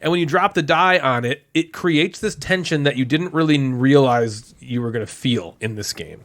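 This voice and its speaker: A man co-hosting a board game podcast in casual chat, animated and laughing often. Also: medium pitch, moderate pace. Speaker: podcast co-host.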